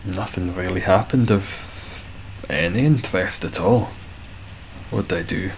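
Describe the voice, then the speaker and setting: A Scottish man chats casually with viewers on a live stream, reading the chat and swearing freely in a laid-back way. His voice is low and unhurried. There's slight background noise.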